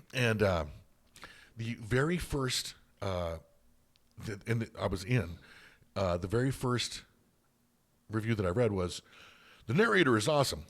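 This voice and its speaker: A man's voice: lowish voice, animated, measured pace, pauses often, a bit bright. A man co-hosting a podcast in casual chat, rambling and swearing freely, with lots of fillers and restarts. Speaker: podcast co-host.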